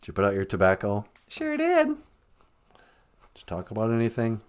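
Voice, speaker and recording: A woman voicing a deep-voiced, lazy, drawling man in a comedy bit. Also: huge pitch swings, normal speed, a little mellow, clean tone, heavily acted. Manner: low mock-masculine drawl.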